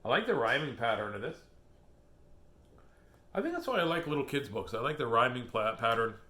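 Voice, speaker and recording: A man's voice: mid-range voice, very animated, fairly quick, sharp tone. A man hosting a casual storytime, reading children's books aloud with jokes and asides. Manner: playful, jokey, laughs at his own puns.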